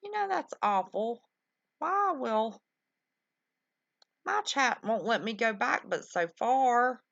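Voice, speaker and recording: A woman's voice: a little high, expressive, slow pace, creaky, a bit bright, no room sound. Folksy woman hosting a livestream. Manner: folksy, chatty, affectionate with callers. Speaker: livestream show host. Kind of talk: casual live-stream chat. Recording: dull lo-fi stream audio.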